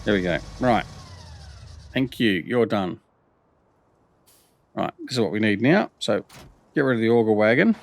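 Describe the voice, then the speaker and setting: A man's voice: fairly low pitch, animated, unhurried, long pauses. A middle-aged man with an Australian accent, casually talking through a farming game as host, rambling with lots of ums and restarts and poking fun at himself. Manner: rambling, many ums and restarts, self-mocking. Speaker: gaming channel host. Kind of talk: casual gameplay commentary.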